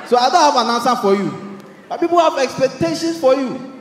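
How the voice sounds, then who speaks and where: A young Ghanaian man with a Ghanaian English accent doing animated stand-up comedy, acting out characters with shouts. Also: extremely high pitch, brisk, roomy sound, big-room sound, a little hiss or hum. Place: large hall with live audience.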